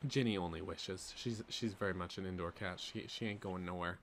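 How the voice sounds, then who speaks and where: A man's voice: deep voice, fairly even intonation, brisk, fairly bright tone, a little hiss or hum. A man streaming a video game, chatting casually with viewers and joking along.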